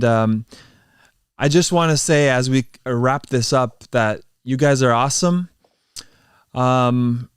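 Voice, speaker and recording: A man's voice: mid-range voice, clear, resonant tone, dry recording, studio quality. A man hosting a casual livestream, talking earnestly with many fillers, then leading a prayer. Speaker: channel host and worship drummer.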